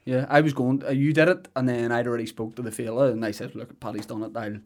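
A man's voice: mid-range voice, flat delivery, fast talker, a little mellow. A man, hosting a casual chat, laughing often and bantering easily.

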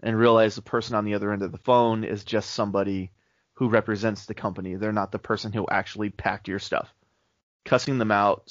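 A man co-hosting a casual podcast, telling stories in a laid-back, relaxed way. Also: lowish voice, dry recording. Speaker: podcast co-host. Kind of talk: casual faith-based podcast chat. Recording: dull lo-fi podcast mic.

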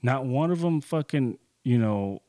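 A man's voice: medium pitch, animated, measured pace, dark tone, no room sound. A man telling a personal story in a casual, heated and profane way, rambling and full of fillers like "dude" and "you know".

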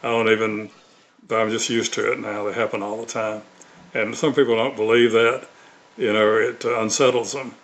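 An older man with a fairly low voice tells a personal story during an interview. His delivery is earnest and halting, broken by frequent fillers and restarts. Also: flat delivery, fairly bright tone. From Mississippi, USA. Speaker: author and evangelist guest.

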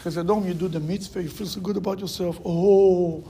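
A man's voice: high voice, steady tone, fast talker, gravelly, dark tone, husky. A man teaching a Torah class, emphatic, repeating phrases to drive his points home and telling stories. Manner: acts out quoted people in raised voices.

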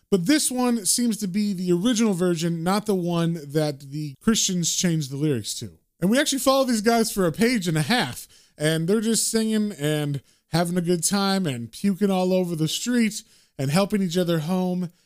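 A man with a fairly high voice recaps a comic book in casual, chatty narration. He tells the story in a relaxed, conversational way, as if talking to friends. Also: moderate pace, clear, resonant tone.

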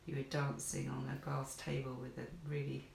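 Gravelly-voiced speaker in an echoey room. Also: medium pitch, completely flat delivery, a little hiss or hum. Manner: reflective, agreeing, quick to laugh. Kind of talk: casual chat.

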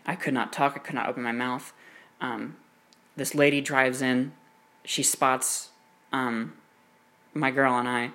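Young guy rambling thru a story, lots of "like" and cursing, mid-pitched voice. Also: fairly even intonation, measured pace, pauses often, sharp tone. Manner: casual, filler-heavy, swears often. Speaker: podcast host. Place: room with air conditioning running.

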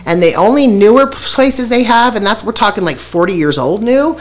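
A woman's voice: fairly high pitch, animated, moderate pace, noisy background. A middle-aged woman telling her story in a blunt, profane way and laughing often. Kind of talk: candid conversational storytelling.

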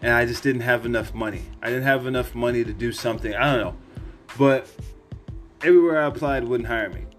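A man's voice: mid-range voice, brisk, faint music behind. A man hosting a podcast, telling a personal story in a candid, rambling way with plenty of cursing. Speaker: podcast host.

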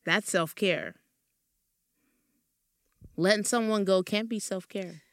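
A woman's voice: medium pitch, takes it slowly, no echo, clean studio sound. A woman hosting a podcast, talking in an encouraging, churchy cadence. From American South. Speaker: podcast host. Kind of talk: casual chat.

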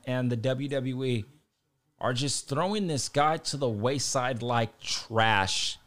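A young man ranting heatedly about wrestling, swearing often and repeating himself as he gets worked up. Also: on the high side. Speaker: wrestling commentator. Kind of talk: heated casual rant.

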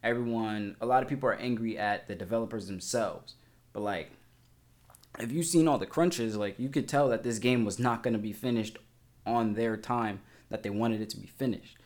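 A young man chatting casually about a video game, rambling excitedly with lots of slang, filler words and casual swearing. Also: lowish voice, moderate pace. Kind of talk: casual gaming vlog chat.

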